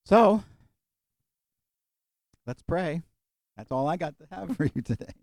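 A middle-aged man preaching in a mellow, warm voice. He is folksy and animated, with jokes and acted-out asides. The recording is dry and close. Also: fairly high pitch, slow, creaky, no room sound. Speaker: pastor. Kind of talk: sermon with closing prayer.

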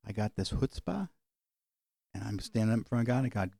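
A man teaching a sermon in a conversational way, slowing down when he quotes scripture. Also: lowish voice, lively intonation, vocal fry, mellow, no room sound. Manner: conversational, varies pace for emphasis, slows on scripture. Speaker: pastor.

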